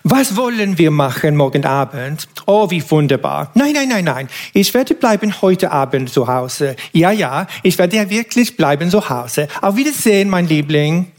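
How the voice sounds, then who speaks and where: A man's voice: fairly high pitch, animated, normal speed, hardly any pauses, pitched above the performer's own voice, natural voice. A man voicing a flighty young English actress with a gushing, cooing manner.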